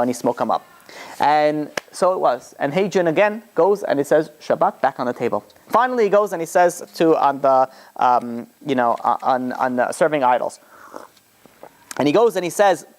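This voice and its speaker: A rabbi retelling stories in a lecture, loose and chatty with many fillers, jumping up in pitch as he acts out quoted lines. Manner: animated retelling, voices quoted lines with sharp rises in pitch. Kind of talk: storytelling lecture.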